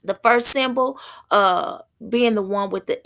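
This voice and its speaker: A woman teaching as a self-styled prophetess, thinking aloud in a halting way and stopping to read passages out. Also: mid-range voice, fairly bright tone. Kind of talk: slow spoken teaching.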